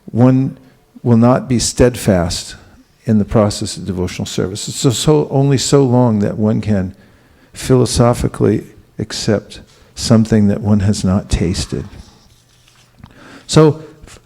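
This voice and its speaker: Gravelly, mellow-voiced man teaching. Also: on the low side, a little slow. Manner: relaxed, asks the audience questions, chuckles. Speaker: spiritual teacher giving a class. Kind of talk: conversational sermon.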